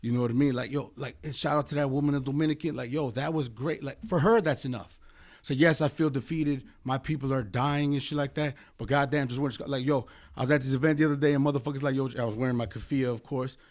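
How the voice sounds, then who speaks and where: A man's voice: mid-range voice, steady tone, fast, a little mellow. An American man, a guest attorney on a podcast, talking in an impassioned, rambling, heavily profane way, with many fillers. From United States. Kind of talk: impassioned casual podcast chat.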